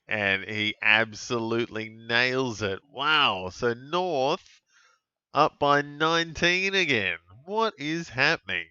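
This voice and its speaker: Male host, live match reactions, bright smooth tone, dry dull lo-fi recording. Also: medium pitch, no echo. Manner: reactive, exclaiming at plays, chatty. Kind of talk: live fantasy sports watch-along commentary. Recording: dull lo-fi dry mic sound.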